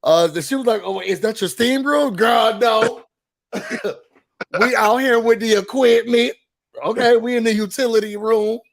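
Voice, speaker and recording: A man chats through a reality-show recap. He sounds nasal from a cold and livens things up by acting out quotes, sometimes with big shouts. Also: very high voice, a little slow. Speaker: podcast co-host. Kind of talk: casual recap chat.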